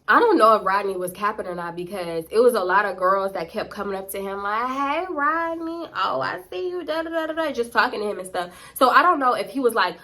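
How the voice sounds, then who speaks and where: A woman's voice: medium pitch, bright, forceful tone. A young woman, telling a storytime close to the camera in a profane, slangy, dramatic way. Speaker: vlogger. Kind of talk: casual storytime.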